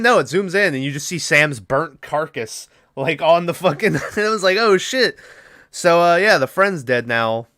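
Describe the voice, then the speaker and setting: A young man on a podcast, recapping a film in a loose, rambling way and swearing freely. His voice is bright and forceful, with a smooth, crisp tone. The sound is dry and close, with no room around it. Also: medium pitch, no echo. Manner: rambling, swears often, lots of fillers. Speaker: podcast co-host. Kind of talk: casual movie recap chat.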